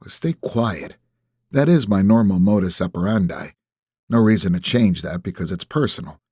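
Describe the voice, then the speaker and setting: A man reads a first-person audiobook in a low, husky voice. His delivery is measured and terse. The recording is dry and close. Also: lively intonation, warm tone, no room sound. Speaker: audiobook narrator.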